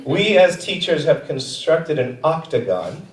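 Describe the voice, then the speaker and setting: Young man, stand-up comic, animated storytelling, lively pitch, echoey theater, distant mic. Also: unhurried, heavy background noise. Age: young adult. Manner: animated storytelling, jumping into voices. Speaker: stand-up comedian and schoolteacher. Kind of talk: stand-up comedy set. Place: comedy theater stage.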